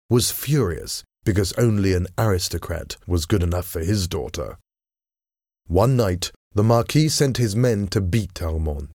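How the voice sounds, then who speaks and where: Man, deep voice, scripted storybook narration, measured and even, dry close sound. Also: no room sound.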